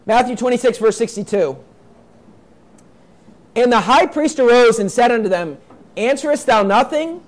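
Guy preaching a sermon, real high voice, reads the bible then hammers it home. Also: expressive, moderate pace, long pauses. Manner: reads scripture aloud then explains it in plain talk; emphatic, repeats points, acts out quoted voices.

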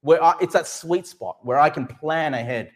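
A middle-aged man with a high voice preaching a sermon. He speaks with emphasis, asking his listeners questions and answering them himself. He draws out the key words of scripture slowly for effect. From Australia. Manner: slows right down to stress Bible verses. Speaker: pastor.

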